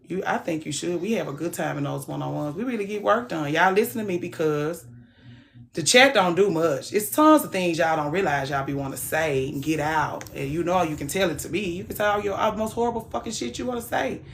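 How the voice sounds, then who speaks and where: Lowish-voiced woman on a livestream, blunt and chatty, gets loud then quiet. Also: a little fast, gravelly, slight background noise. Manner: frank, animated, swings from soft to loud. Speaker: livestream host. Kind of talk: casual livestream chat.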